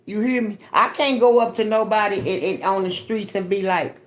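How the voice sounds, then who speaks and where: Woman livestream host, casual storyteller, profane, animated, repeats herself. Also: mid-range voice, normal speed.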